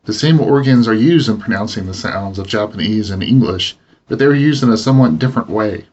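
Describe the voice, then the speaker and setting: Man, husky voice, measured lesson narration, dull lo-fi recording. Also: lowish voice, lively intonation, a little mellow. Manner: measured explanatory reading. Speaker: language teacher. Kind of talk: instructional narration.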